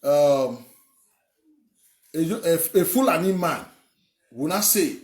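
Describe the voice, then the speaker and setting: A man's voice: fairly high pitch, lively intonation, takes it slowly, long pauses, a little mellow. A young Nigerian man from Edo giving heated political commentary, emphatic and rambling, repeating words and swearing. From Edo State, Nigeria. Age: young adult. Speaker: online commentator. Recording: echoey room.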